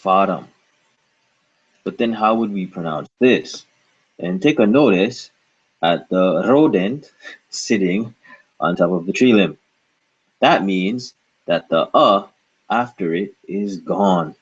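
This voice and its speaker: Slow, husky male language teacher. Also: low voice, muffled recording. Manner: repeats words slowly and asks questions to guide the learner. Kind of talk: slow, patient pronunciation lesson.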